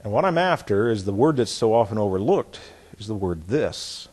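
Middle-aged male Bible teacher, husky, animated delivery, folksy sermon style with read-aloud examples. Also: on the low side, moderate pace. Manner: folksy, repeats phrases, demonstrates by reading aloud.

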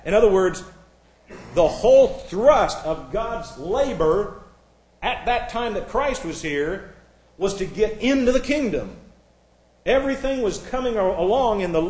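A man's voice: sits high, a little mellow. A man teaching verse by verse from the Bible, reading scripture with rising force and adding sarcastic asides. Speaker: preacher. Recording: echoey room.

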